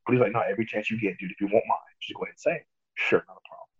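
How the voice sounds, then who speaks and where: A young adult man, a pro wrestler, telling stories in a casual interview, animated and quick to laugh. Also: fairly low pitch, husky. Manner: animated, laughs often, acts out quotes. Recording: tinny phone-like line.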